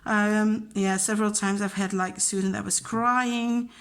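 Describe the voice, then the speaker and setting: A woman's voice: medium pitch, steady tone, unhurried, background noise. Chatty woman talking about teaching. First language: Dutch. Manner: chatty, emotional, acts out quoted dialogue. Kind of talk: casual chat.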